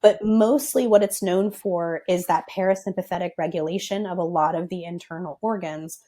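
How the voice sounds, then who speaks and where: A woman's voice: lowish voice, steady tone, moderate pace, dark tone. Woman explaining step by step. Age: young adult. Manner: thoughtful, explains step by step with hedges. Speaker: podcast guest, physical therapist. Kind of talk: explanatory podcast conversation.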